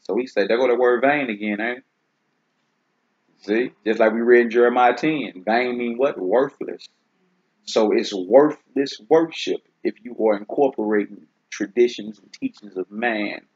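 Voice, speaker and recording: A man with a low, husky voice leads a relaxed scripture lesson. He keeps it loose and conversational, and he often checks in with his listener. The recording sounds dull and lo-fi. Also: moderate pace. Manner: laid-back, conversational, keeps asking "you see what I'm saying?". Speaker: host teaching scripture. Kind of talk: casual Bible teaching chat.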